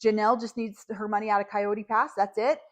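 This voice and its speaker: A woman co-hosting a podcast, reacting to a reality show with animated, indignant, exasperated commentary. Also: mid-range voice, brisk, muffled recording. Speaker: podcast co-host.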